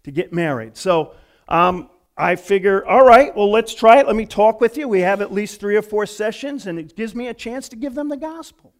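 High, lively-voiced man preaching. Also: moderate pace. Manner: storytelling, acting out quoted voices. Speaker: pastor. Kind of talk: conversational sermon.

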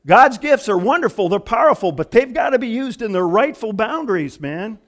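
A man's voice: high-pitched, expressive, normal speed. A male pastor giving a conversational sermon, telling stories and acting out the voices of people in them. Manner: storytelling, acting out quoted voices.

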